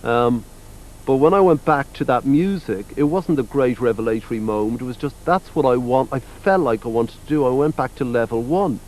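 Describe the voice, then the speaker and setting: A man's voice: medium pitch, moderate pace, darkish tone, a little hiss or hum, poor audio. A man in his forties from Ireland with an Irish accent, a musician talking in a casual interview, rambling and blunt and swearing freely. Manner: rambling, blunt and profane, full of "you know" fillers.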